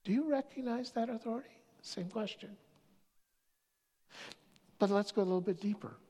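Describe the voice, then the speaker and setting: A pastor preaching a sermon, telling stories with many restarts, moving between loud stretches and near-whispers. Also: medium pitch, moderate pace, husky. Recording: long hall reverb.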